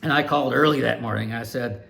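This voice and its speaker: A man in his sixties from Ohio, an animated storyteller recalling his years as a race announcer. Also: mid-range voice, fast talker, gravelly. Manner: animated, lively storyteller with big swings in loudness. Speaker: retired dirt track race announcer, channel host.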